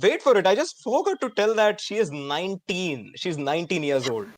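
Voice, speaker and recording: A man in his twenties with an Indian English accent, hosting a live online student event in an energetic, chatty way with many fillers. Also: sits high, normal speed. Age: 20s. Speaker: host.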